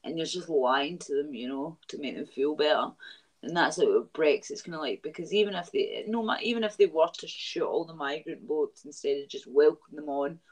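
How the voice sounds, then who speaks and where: A woman with a Glaswegian accent, a guest in a casual chat, blunt and animated and swearing freely. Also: deep voice, moderate pace, low-quality recording. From Scotland.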